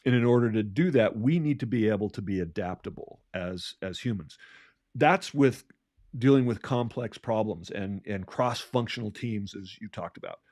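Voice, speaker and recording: A man's voice: lowish voice, moderate pace, a little mellow, no room sound. Man telling stories with a dry sound. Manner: many restarts and repeated words, storytelling. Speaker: podcast co-host, leadership coach. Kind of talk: conversational podcast talk.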